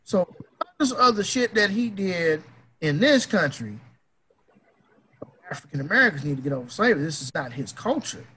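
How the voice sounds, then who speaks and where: A man's voice: high voice, sing-song, moderate pace, long pauses, bright, forceful tone, husky, rough recording. A man ranting in a casual opinion talk, emphatic, heated and profane.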